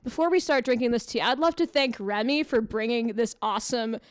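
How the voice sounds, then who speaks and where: A young woman hosting a casual podcast from her dorm room, bubbly and quick to hype her guests. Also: a little high, clean tone, no echo. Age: young adult. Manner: bubbly, laughs often, quick hyped-up intros. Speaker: podcast host. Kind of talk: casual chat.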